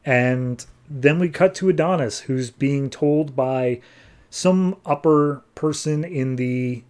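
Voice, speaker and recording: A man hosting a podcast casually recaps a comic book, offhand and heavy with fillers, tossing in quick put-on quotes. His voice is mid-range and a little mellow.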